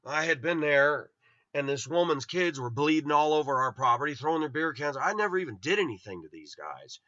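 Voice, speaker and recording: A man's voice: fairly high pitch, very animated, fairly quick, pushed and bright, no echo. Man, middle-aged, from Los Angeles, blunt rambling storyteller, dull lo-fi dry recording. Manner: rambling, blunt, acts out quoted voices. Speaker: vlogger. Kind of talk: personal storytelling monologue.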